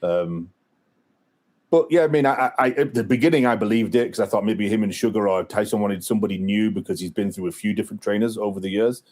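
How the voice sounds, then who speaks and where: A man's voice: fairly low pitch, fast talker, a little mellow. A man co-hosting a boxing podcast, talking in a rambling way with many fillers and restarts. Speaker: podcast co-host. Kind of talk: casual boxing chat.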